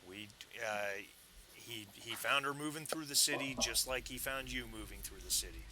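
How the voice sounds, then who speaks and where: A man voicing a shrewd older male colony leader with a gravelly voice and a calm, measured way of speaking. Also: medium pitch, over a noisy crowd, close to an everyday voice.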